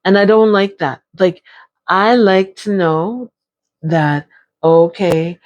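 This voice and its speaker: Woman, unhurried, emphatic, repeats herself, low voice. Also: a little mellow, dull audio. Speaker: brain injury survivor sharing her experience. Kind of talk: personal vlog talk.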